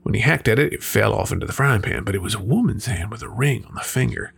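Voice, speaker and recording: A man hosts a folklore show, with a deep, gravelly and husky voice. He tells old tales in a folksy, lively way, his pitch moving up and down a lot, with faint music under him. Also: fast. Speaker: folklore podcast host. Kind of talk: folktale storytelling and book review.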